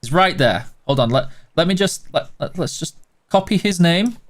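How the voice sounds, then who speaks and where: A man with a fairly high-pitched voice hosts a relaxed livestream. He greets viewers by name and fields chat questions. His tone is friendly and a little teasing. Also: normal speed. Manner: reads chat names aloud and answers questions. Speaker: livestream host.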